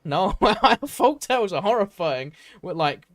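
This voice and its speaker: A man's voice: sits high, very animated, measured pace. A British man hosting a casual podcast, telling folklore stories in a rambling, enthusiastic way with lots of fillers. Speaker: podcast host. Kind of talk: casual chat.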